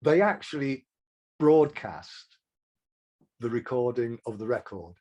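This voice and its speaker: An older man rambles through his stories in a husky, mid-pitched voice. He speaks casually and pokes fun at himself as an interview guest. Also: lively intonation, moderate pace, darkish tone. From England. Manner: rambling, anecdotal, self-deprecating.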